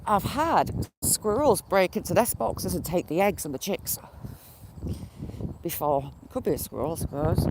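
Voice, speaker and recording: Unhurried delivery, casual outdoor live-stream chat, talks to animals and viewers, mild cursing, birdsong and clucking behind. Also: mid-range voice, noisy background. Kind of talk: casual live-stream chat while doing yard chores. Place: outdoors in a yard by a field. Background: birds and chickens.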